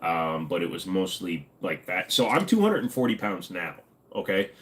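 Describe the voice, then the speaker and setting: A man's voice: deep voice, lively intonation, normal speed, slight background noise. A man in his forties hosting a casual livestream, reading chat messages aloud and answering them in a joking, offhand way. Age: 40s. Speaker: livestream host.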